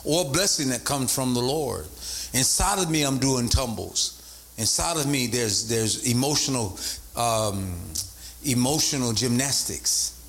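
A man preaching a sermon as bishop, repeating points and rising into sing-song emphasis. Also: measured pace. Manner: animated, swoops from low to high pitch, sing-song emphasis.

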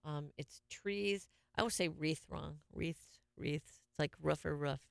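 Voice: medium pitch, normal speed, vocal fry, no room sound, clean studio sound. A radio show host chatting casually on air, rambling and joking at their own expense. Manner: rambling, jokey, self-mocking. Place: radio studio.

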